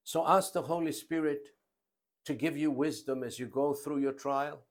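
A man preaching a sermon, emphatic, with his loudness rising and falling and his phrases slow and deliberate. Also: on the high side, fairly even intonation.

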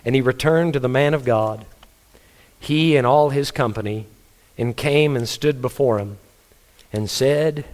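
Casting: male pastor, mid-pitched voice, earnest conversational sermon delivery, storytelling. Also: unhurried, long pauses, darkish tone.

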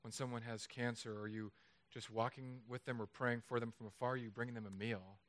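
A man preaching a sermon in a chapel, lively and conversational, with jokes. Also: mid-range voice, brisk, a little hiss or hum. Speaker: pastor.

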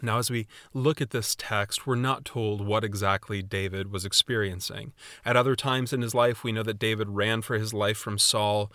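A man preaching a sermon in a measured, earnest way, with readings from scripture. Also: fairly low pitch, fairly even intonation, bright, forceful tone, dry recording, studio quality. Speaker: pastor.

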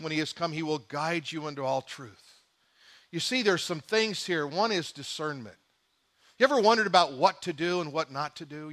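Middle-aged male pastor, high and bright, animated sermon delivery. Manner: animated preacher, shifts between quiet intimate asides and emphatic bursts.

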